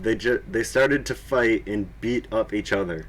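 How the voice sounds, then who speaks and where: With a fairly low, fairly bright voice at a moderate pace, a young man gives a comedic dramatic reading of a story. He keeps stopping to laugh, comment and mock the writing.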